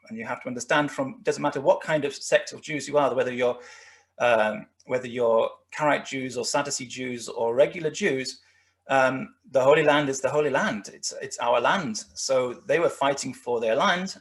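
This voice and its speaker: A guest lecturer talks history over slides in a mid-range, slightly bright voice at normal speed. His delivery rambles, full of fillers and frequent restarts.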